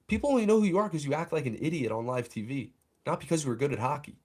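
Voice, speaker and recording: A man's voice: on the high side, racing, darkish tone. Angry young man ranting as host. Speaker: fan podcast host. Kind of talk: livestream rant.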